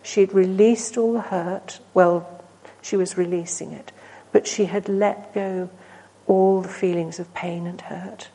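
A woman preaching a sermon, earnest and storytelling, swinging from emphatic peaks to hushed, near-whispered asides. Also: on the low side, steady tone, a little slow, hardly any pauses, breathy edge, low-quality recording. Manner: earnest, rising to emphatic then dropping to hushed.

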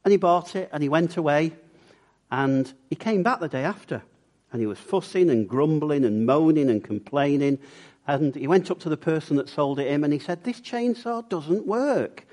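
A man's voice: on the high side, normal speed. A man preaching a sermon and telling stories, acting out the voices of the people in them. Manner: lively storyteller acting out quoted voices. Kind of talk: sermon with storytelling.

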